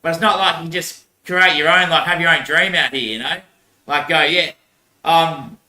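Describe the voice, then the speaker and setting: A man's voice: a little high, normal speed, sharp tone, echoey room, low-quality recording. A young man, rambling crudely in a religious monologue and laughing often. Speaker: vlogger.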